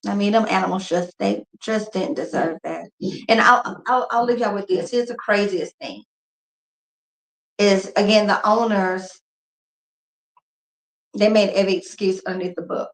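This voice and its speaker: A woman's voice: mid-range voice, normal speed, vocal fry, long pauses. A woman in her forties talking candidly and emotionally to her viewers while grieving, her voice subdued. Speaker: couponing vlogger. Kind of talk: casual live chat with viewers. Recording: echoey room.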